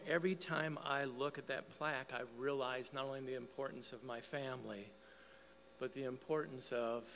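A man's voice: medium pitch, vocal fry, a bit bright, big-room sound, slight background noise. An older man preaching a sermon in church, telling a folksy family story. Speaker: pastor.

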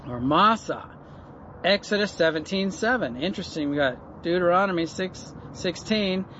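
A man with a high voice giving a loose, conversational Bible lesson, often asking the listener rhetorical questions. The audio is dull and lo-fi, with a faint hum of cars and street noise behind him. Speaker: Bible teacher. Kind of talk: informal Bible study talk.

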